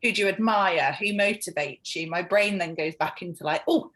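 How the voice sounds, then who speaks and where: Female group participant, bright and tense tone, rambling with fillers. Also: lowish voice, normal speed, rough recording. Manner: rambling, self-deprecating, many fillers. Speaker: group member. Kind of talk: sharing in a group session.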